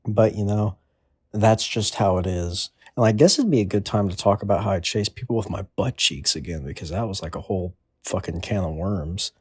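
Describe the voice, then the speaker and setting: Low-voiced man telling crude stories. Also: brisk, slightly rough, no echo, clean studio sound. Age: 20s. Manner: rambling, offhand delivery. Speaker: comedic storyteller. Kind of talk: crude comedic monologue.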